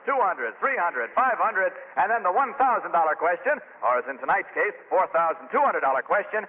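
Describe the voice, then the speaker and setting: A man announcing a 1940s radio quiz show in a brisk, salesman-like delivery. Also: on the high side. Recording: tinny vintage radio broadcast.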